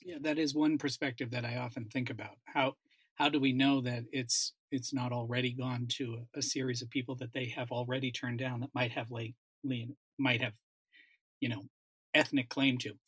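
A man's voice: medium pitch, flat delivery, moderate pace, a bit bright, husky, dry recording. Man, dialect coach, casual panel chat, storytelling, dry sound. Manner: storytelling, many restarts, thoughtful. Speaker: dialect coach and voice actor, guest.

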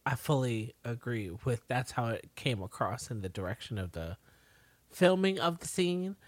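Low-voiced, playful woman podcast co-host. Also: expressive, normal speed, no room sound. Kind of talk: casual podcast chat.

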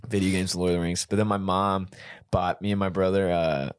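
Low-voiced young man telling stories casually. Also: a little fast, clear, resonant tone, no room sound, clean studio sound. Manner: swearing storyteller who jumps into high voices when excited. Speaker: podcast co-host. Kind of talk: casual chat.

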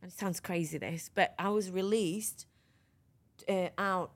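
A middle-aged woman tells her own story as a podcast guest, frank and animated, with a voice that sits a touch low. She keeps restarting her sentences as she goes. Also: measured pace. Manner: lively, frank, runs sentences together with restarts. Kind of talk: conversational storytelling interview.

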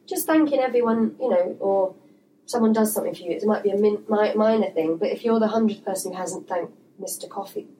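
An English actress chatting casually on a podcast, telling stories and acting out the people in them. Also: female voice, medium pitch, brisk, dark tone, far from the mic. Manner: chatty storyteller, acts out quoted voices. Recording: noisy room, voice away from mic.

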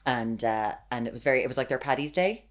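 Low, lively woman telling stories. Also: fast talker. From Limerick, Ireland. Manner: animated storyteller, laughs often. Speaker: podcast co-host. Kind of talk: casual chat.

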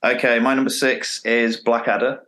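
A man's voice: medium pitch, moderate pace. A man, a podcast guest chatting casually and recounting comedy scenes with relish. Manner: animated, quoting lines with relish. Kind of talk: casual chat.

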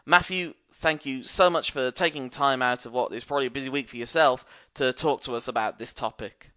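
30s podcast guy, bright sharp voice, hammy and jokey, dry close mic. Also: mid-range voice, brisk, smooth, dry recording. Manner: theatrical, jokey. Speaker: podcast co-host. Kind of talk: casual podcast chat.

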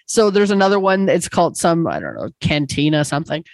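Woman comedian guest, animated anecdote delivery, close dry podcast mic. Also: low-pitched, fairly quick, no room sound, low-quality recording. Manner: animated storytelling, swearing, acting out exchanges. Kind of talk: casual podcast chat.

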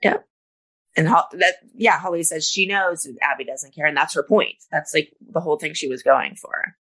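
Lower-voiced woman recapping on a podcast. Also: normal speed, a bit bright, slightly rough. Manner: recaps events step by step with many "you know" fillers. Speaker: podcast co-host. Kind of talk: casual podcast chat, recapping episodes.

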